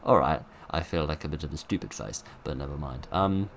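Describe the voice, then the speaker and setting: A man with a very low, deep voice talks through a horror game in a wry, playful way, full of rambling jokes and asides. A steady hiss of background noise sits under his voice. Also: a little fast. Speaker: gaming video host. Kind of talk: let's play commentary.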